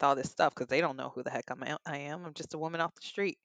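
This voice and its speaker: A woman's voice: low-pitched, steady tone, a little fast, fairly bright tone, no echo, rough recording. A young adult woman, a podcast guest, candidly and earnestly telling a personal story in an interview.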